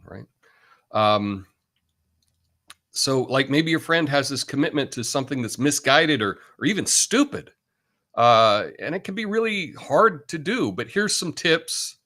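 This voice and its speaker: A man's voice: mid-range voice, a bit bright. Male host, casual live monologue, blunt and chatty, self-amused. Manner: chatty and blunt, tags lines with "right?"; laughs at his own asides.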